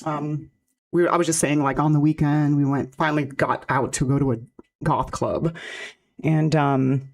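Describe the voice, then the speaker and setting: A woman with a naturally deep, low voice chats loosely on a live stream. Her talk rambles with "like" at every turn, and she breaks into laughter often. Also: steady tone, moderate pace, vocal fry, a little mellow, a little hiss or hum. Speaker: VTuber streamer. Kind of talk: casual live-stream chat.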